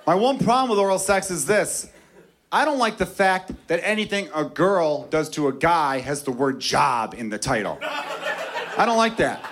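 A man doing a crude, animated stand-up set on a comedy club stage before a live audience. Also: on the high side, normal speed. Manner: crude, animated, conversational delivery to a crowd. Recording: live club recording with crowd laughter.

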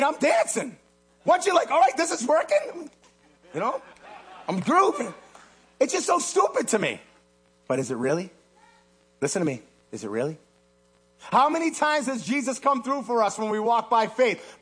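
A man preaching a sermon, swinging between loud exhortation and low hushed asides. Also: slightly rough. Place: church platform.

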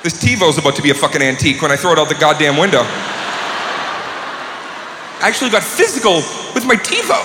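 A man doing a stand-up routine, ranting loudly and profanely and often shouting. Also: on the high side, very animated, fast, long pauses. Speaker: stand-up comedian. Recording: echoey hall with crowd noise.

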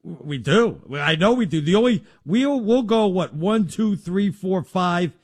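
Man, sports talk co-host, slightly high voice, animated, excitable storytelling. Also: measured pace, husky.

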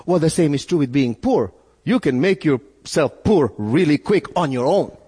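A male pastor preaching a sermon, animated, with repeated phrases and rhetorical questions. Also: a little high, moderate pace, husky, long reverb tail.

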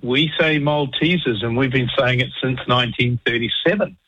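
A man joining a podcast as a guest, playing it deadpan and formal. His voice is bright and a little husky, and it sounds close and dry. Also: mid-range voice, brisk, no echo, dull audio. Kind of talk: comic guest bit.

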